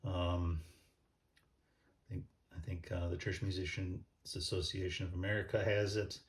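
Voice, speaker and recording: A man's voice: low-pitched, little pitch movement, normal speed. A man explaining church music casually, thinking aloud with many ums and restarts as he pages through a book.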